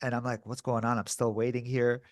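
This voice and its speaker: Man, podcast co-host, casual storytelling, acts out dialogue, says dude a lot, mid pitch, dry close sound. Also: a little fast, no echo. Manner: animated, acts out quoted dialogue; says dude and bro often.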